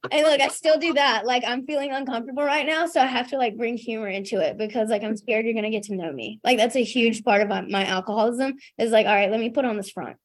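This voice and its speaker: A woman's voice: on the high side, fast, few pauses. A young woman telling her recovery story at a meeting in a casual, self-deprecating way, full of "like" and "you know". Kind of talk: candid personal share at a recovery meeting.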